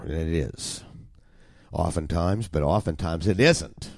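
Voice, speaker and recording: A man's voice: low voice, a little slow, creaky, dry recording, studio quality. A man preaching an expository sermon, emphatic and wry, with sudden jumps in emphasis.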